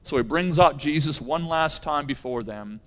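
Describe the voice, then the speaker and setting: A man preaching a sermon as pastor, emphatic, repeating key phrases and swinging between loud and hushed delivery. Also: on the high side, moderate pace, big-room sound.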